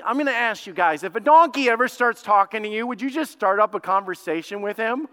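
A man's voice: high-pitched, animated, fairly quick, few pauses, pushed and bright, clear, resonant tone. A male pastor preaching a sermon with energy and emphasis. He asks the congregation direct questions and builds to exclamations. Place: church sanctuary. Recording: echoey church hall.

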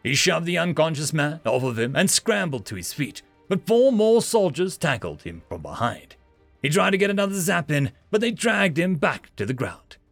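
A man's voice: on the high side, creaky, no room sound. A man narrating an audiobook expressively, giving each character a voice.

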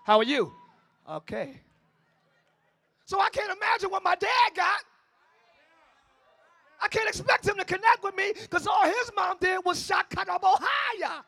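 A male pastor preaching in a church, his voice pitched very high for a man. The tone is bright and forceful. He swings from shouted lines down to low, quiet passages. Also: normal speed, gravelly. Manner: preaching with call-outs, shifting between shouting and low tones. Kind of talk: sermon. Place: church sanctuary.

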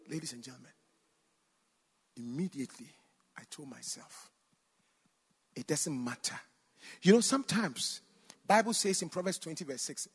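A man preaching a sermon, telling a personal story with sudden shouts and bursts of laughter. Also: a little high, slightly rough. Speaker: pastor.

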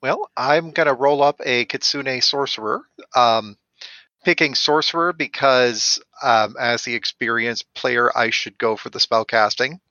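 A man's voice: medium pitch, measured pace, bright, forceful tone, no echo, dull audio. A man talking casually, explaining his character choice in an upbeat, helpful way as the experienced player. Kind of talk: casual chat.

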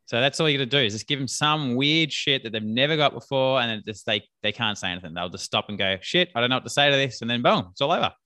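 A male podcast host with a bright, sharp-edged voice chats casually with his guest. He is jokey and laughs easily. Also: medium pitch, lively intonation, quick pace, few pauses.

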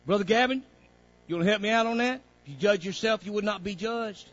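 A man's voice: high-pitched, fairly quick, a bit bright, highs cut off, soft background music. A man leading a Bible study lesson for young students, folksy and preacherly, often saying "praise God". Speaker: Bible teacher.

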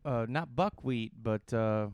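A man's voice: medium pitch, takes it slowly, a little mellow, clear, resonant tone, no room sound. A man co-hosting a casual podcast, joking and searching for words. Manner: hesitant, lots of filler and trailing off. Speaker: podcast co-host.

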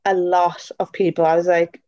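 A young Irish woman co-hosting a podcast, quick and wry with teasing asides. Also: on the low side, level tone, mellow, dry recording. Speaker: podcast co-host. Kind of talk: casual chat. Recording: dry, slightly dull sound.

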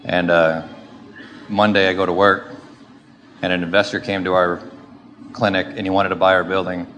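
A middle-aged man giving a lively personal testimony in church, acting out his own frustrated rants as he tells the story. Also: deep voice, moderate pace. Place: church sanctuary. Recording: echoey hall with faint background noise.

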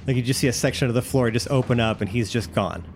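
A man's voice: medium pitch, quick pace, darkish tone, a little hiss or hum. A man narrating as game master, rambling with many fillers.

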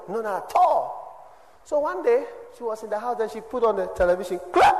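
A man preaching a sermon, swinging between loud exhortation and quiet asides. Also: long reverb tail, slight background noise, poor audio. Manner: preaching with shifts from shouts to low asides. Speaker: pastor.

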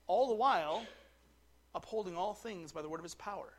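A man preaching a sermon, dropping to quiet asides and rising to loud, slowed declarations. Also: high-pitched, a little hiss or hum. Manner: slows right down to stress key words. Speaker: pastor.

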